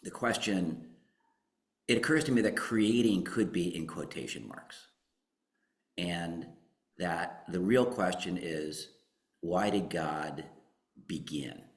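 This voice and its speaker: A man with a very deep voice offers a thought over a video call. He talks slowly and deliberately and muses as he goes. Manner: slow, deliberate, philosophical. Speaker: participant. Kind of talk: discussion contribution.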